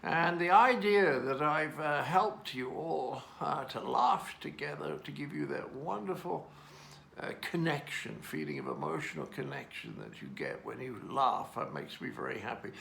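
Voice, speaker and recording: A gravelly older Englishman in his eighties speaks with a wry, playful touch. His voice is fairly high and bright, and it swoops around a lot as he tosses off affectionate mock insults in a personal birthday message. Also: very animated, normal speed. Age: 80s. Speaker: celebrity sending a birthday message. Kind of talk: recorded personal video message.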